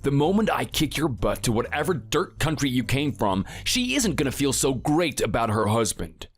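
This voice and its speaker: A boastful muscle-bound bully, voiced by a man in a texting story. He taunts and sneers in a lively, rising and falling voice. Faint music plays under the read. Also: medium pitch, normal speed, breathy edge. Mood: taunting. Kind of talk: text-to-speech texting story.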